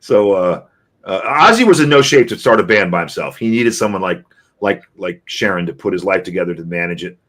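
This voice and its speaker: Animated rambling man from New England. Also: sits low, a little fast. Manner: rambling, repeats words, animated. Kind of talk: casual live-stream chat.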